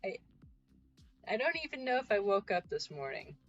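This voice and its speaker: A woman's voice: mid-range voice, big pitch swings, fast, a bit bright, lo-fi sound, soft background music. A woman chatting casually on a livestream while she paints, giggly and self-mocking. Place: home.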